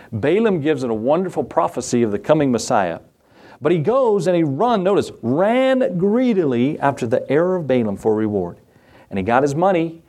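A middle-aged preacher whose voice sits a little high for a man. He talks in a folksy, conversational way and keeps asking his listeners questions. He acts out the people he quotes as he preaches. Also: darkish tone. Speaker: pastor. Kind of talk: sermon.

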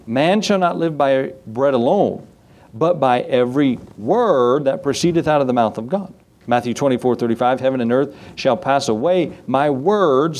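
A man's voice: a little high, darkish tone. A man teaching a Bible study in a folksy way, reading scripture aloud and asking his listeners questions.

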